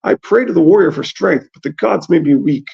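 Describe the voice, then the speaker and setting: Man reading aloud, putting on a higher, whining voice for a wretched, begging priest; lo-fi. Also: lively intonation, a little fast, vocal fry, darkish tone, slightly rough, full character voice. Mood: pleading. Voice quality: whiny, pleading. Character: weeping, groveling sinful male priest. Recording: dull lo-fi sound.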